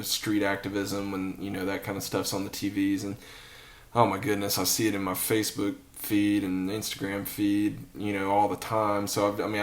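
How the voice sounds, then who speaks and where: Low-voiced laid-back man hosting. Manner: relaxed, friendly filler words like "dude" and "you know". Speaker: podcast host. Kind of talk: casual conversation.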